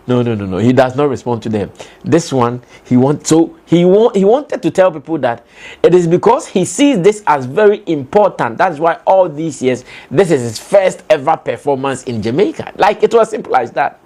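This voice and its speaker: Warm-toned and very animated, this young Ghanaian man speaks at a moderate pace with a fairly high pitch and a Ghanaian accent. He offers emphatic opinion commentary on entertainment, filled with fillers and rhetorical questions.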